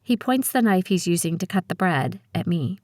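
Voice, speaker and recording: A woman narrating a novel in the first person, reading in a steady, measured way. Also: fairly low pitch, dry recording, studio quality. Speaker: audiobook narrator.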